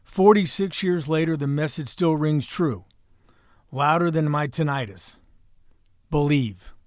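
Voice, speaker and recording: A man in his sixties hosting a podcast, delivering a folksy, wisecracking monologue with salty language and a hoarse voice. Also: a little high, measured pace, no echo, clean studio sound. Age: 60s. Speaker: podcast host. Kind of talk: opening monologue and casual chat.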